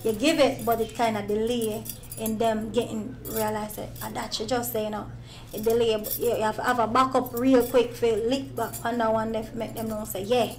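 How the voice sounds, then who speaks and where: A woman's voice: fairly high pitch, level tone, moderate pace, a little hiss or hum. A woman comedian with a Jamaican accent, answering interview questions in a playful, joking way. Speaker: stand-up comedian.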